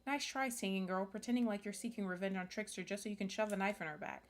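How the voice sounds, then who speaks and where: A woman's voice: mid-range voice, fast, close to an everyday voice. A woman voicing a devoted young female mage who dotes on one companion and sneers at others. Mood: doting, snippy.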